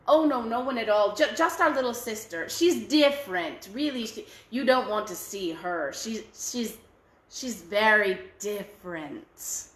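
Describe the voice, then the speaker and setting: A woman voicing two jealous sisters, one with one eye and one with three, in a high, shrill, frantic voice. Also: animated, unhurried, a bit bright, reverberant. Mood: flustered.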